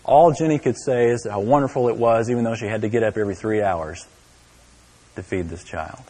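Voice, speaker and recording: A man preaching a sermon, telling a story to his listeners, dropping to a hush and then rising to exclaim. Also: fairly low pitch, fairly quick, long reverb tail. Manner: storytelling, swinging from hushed to exclaiming. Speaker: pastor.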